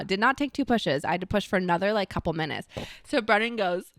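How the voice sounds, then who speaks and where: A woman's voice: medium pitch, fairly quick, fairly bright tone, dry recording, clean studio sound. A young woman co-hosting a podcast, telling a story in a casual chat and acting out the quotes with shrieks. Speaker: podcast co-host.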